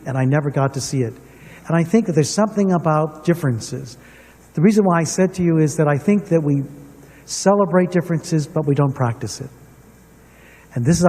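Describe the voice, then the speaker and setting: Middle-aged man, symposium speaker, personal storyteller, soft husky voice, long hall reverb. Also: fairly high pitch. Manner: storytelling, personal and earnest, addressing the room. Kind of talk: reflective public talk to an audience. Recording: distant mic in a reverberant hall.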